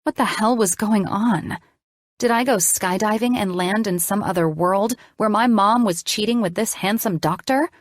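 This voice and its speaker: A woman narrating a first-person audiobook in a measured, expressive storytelling voice. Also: mid-range voice, no echo, studio quality.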